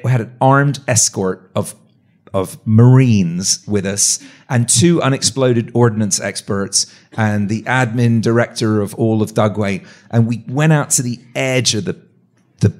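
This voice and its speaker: Animated storytelling man, lively quotes. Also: fairly low pitch. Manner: animated anecdote with voiced quotes and restarts. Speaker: guest, meteorite hunter. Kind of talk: live storytelling on a talk show. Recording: live audience event.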